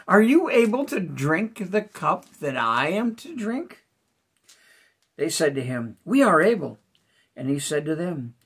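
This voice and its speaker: Unhurried pastor reading scripture aloud. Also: male voice, fairly high pitch, a bit bright. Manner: unhurried, reads with rising emphasis on quoted speech; hesitant fillers between thoughts. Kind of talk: scripture reading with brief commentary.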